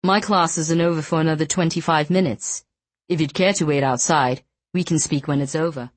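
This is a woman reading as a young man who soothes his bride-to-be in a storybook. His voice is low and soft, with slow, unhurried phrasing. The sound is close and dry. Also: fairly even intonation, dry recording. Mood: dry amused. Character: young man, calm reassuring fiancé.

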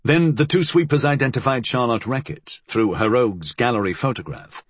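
A man reading a novel aloud as scripted audiobook narration, in a measured, even storytelling manner. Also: mid-range voice, breathy edge, no room sound.

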